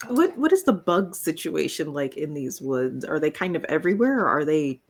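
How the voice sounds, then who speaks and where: A woman's voice: low voice, very animated, normal speed. A woman playing in a tabletop game, asking playful, curious questions. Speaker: player.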